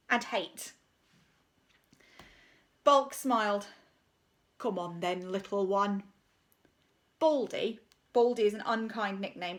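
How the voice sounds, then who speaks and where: A woman reads a children's story aloud in a playful way. She voices the sound effects herself and drops in jokey asides, in a fairly high voice. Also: fairly bright tone.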